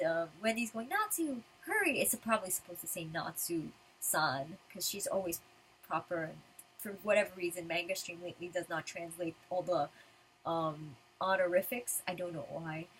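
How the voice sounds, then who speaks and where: A woman's voice: fairly low pitch, a little hiss or hum, low-quality recording. A woman talking casually while reading through a manga chapter, chatty and full of fillers. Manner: chatty, filler-heavy fan talk. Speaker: manga reviewer.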